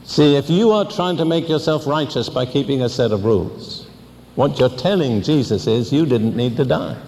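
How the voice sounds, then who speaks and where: An older man preaching a sermon, teaching deliberately and asking pointed questions. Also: medium pitch, expressive, a little mellow, long reverb tail, a little hiss or hum.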